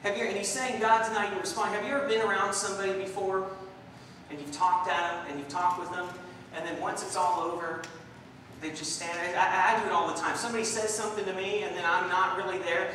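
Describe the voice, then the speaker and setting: A young man preaching a sermon in a church, telling stories in an animated way and acting out the voices in them. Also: sits high, quick pace. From Southern California. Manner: animated storytelling, acts out voices in anecdotes. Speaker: guest preacher. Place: church sanctuary. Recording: distant, echoey hall recording with faint noise.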